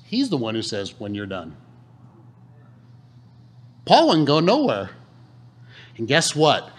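A husky, mid-range male voice moves at a slow pace through a conversational sermon in a church hall. The preacher is animated and regularly asks the congregation questions.

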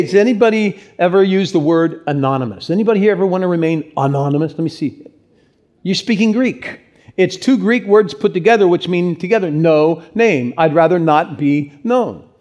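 A man preaches to his congregation with lively, conversational energy. His voice sits fairly high for a man. He keeps throwing questions out to the people in the pews. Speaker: pastor. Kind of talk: sermon.

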